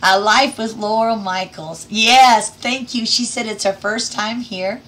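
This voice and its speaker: A woman's voice: on the high side, measured pace, fairly bright tone. A middle-aged woman hosting a casual livestream, cheerfully and affectionately greeting viewers by name as she reads the chat. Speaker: livestream host.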